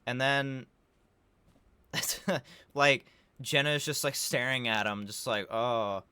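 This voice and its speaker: A young man with a bright, forceful voice recaps a movie in a loose, rambling rant. He swears often and leans on filler words. The sound is close and dry, with no room around it. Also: medium pitch, slow, smooth, no room sound. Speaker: video creator reviewing a movie.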